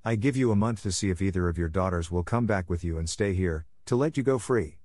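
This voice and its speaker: A man reading the part of a frightful, angry male beast in a storybook audiobook, with stern, measured delivery. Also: sits low, darkish tone, dry recording, clean studio sound.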